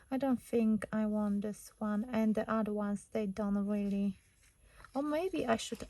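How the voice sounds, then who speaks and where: A woman hosting a casual craft tutorial at her desk, thinking aloud and hesitating over choices, her voice slightly hoarse. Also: fairly high pitch, a little mellow, low-quality recording.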